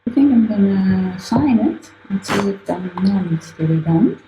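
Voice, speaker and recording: Warm and animated, this woman's mid-range voice moves at normal speed over soft background music. She's live-streaming herself drawing in an art gallery, chatting, thinking aloud, self-correcting and laughing often, in an echoey room with faint ambient noise.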